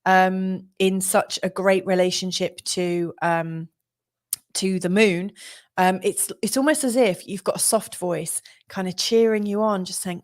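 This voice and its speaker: A woman's voice: lowish voice, fairly even intonation, moderate pace. A woman astrologer hosting a live stream, chatting casually with many fillers and frequent laughs. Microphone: studio mic.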